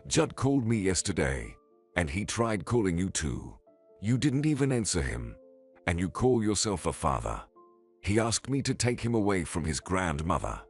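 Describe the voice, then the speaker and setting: A man's voice: low voice, husky, full character voice. A man reading the lines of an earnest, protective woman who pleads and scolds.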